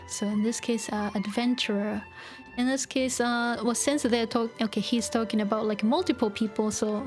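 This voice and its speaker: A woman teaching a language while streaming a video game, thinking aloud and explaining step by step with lots of fillers. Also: a little high. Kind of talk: live-streamed gaming lesson.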